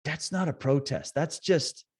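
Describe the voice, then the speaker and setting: A man talking as a podcast guest, telling stories in an animated, swearing, fired-up way with quick impressions. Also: fairly high pitch, husky. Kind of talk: casual conversation.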